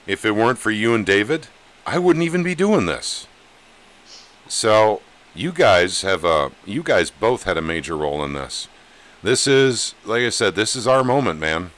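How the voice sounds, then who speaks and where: A man's voice: lowish voice, very animated, moderate pace, a bit bright. A man hosting a casual live-stream chat, plain-spoken and rallying, calling his viewers gang. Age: over 35. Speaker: podcast host.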